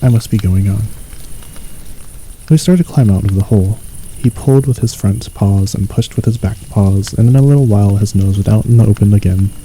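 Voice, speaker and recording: Brief: male ASMR sleep reader, low mellow voice, calm and unhurried. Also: a little hiss or hum, rough recording. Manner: calm, unhurried, lightly voicing each figure. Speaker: audiobook reader. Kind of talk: soft ASMR sleep story reading.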